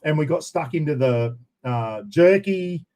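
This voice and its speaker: Man, Australian accent, live-stream host, casual, rambling shout-outs, slightly high pitch. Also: lively intonation, a little slow.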